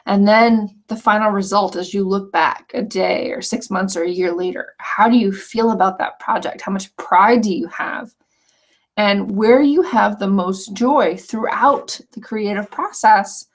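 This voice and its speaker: A woman teaching an online scrapbooking course, walking through the lessons in an earnest, chatty way with frequent restarts. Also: mid-range voice. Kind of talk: casual walkthrough of course lessons.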